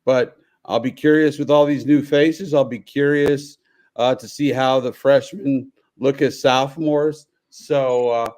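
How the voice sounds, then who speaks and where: A man's voice: medium pitch, steady tone, unhurried, a little mellow. An older man, a sports writer and radio guest, talking casually while coming down with a cold.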